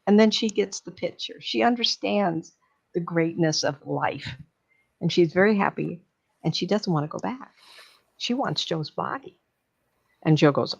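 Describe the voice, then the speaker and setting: A woman's voice: lowish voice, expressive, unhurried, creaky, breathy edge. A woman, a psychic medium, chattily retelling a movie plot and acting out the characters' lines. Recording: dull lo-fi recording.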